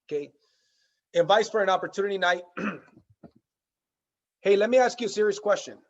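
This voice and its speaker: Male sales trainer, direct coaching delivery, high voice, dull lo-fi recording. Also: normal speed. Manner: direct, coaching, acts out sample phone invites. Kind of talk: recorded business training talk.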